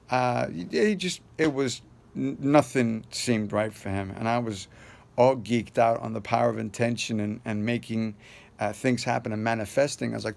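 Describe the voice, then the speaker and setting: A man's voice: medium pitch, fairly even intonation, moderate pace, gravelly, darkish tone. A man casually telling a personal story to the camera in a loose, rambling way, full of fillers and restarts. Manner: earnest, upbeat sign-off. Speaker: vlogger sharing a personal story.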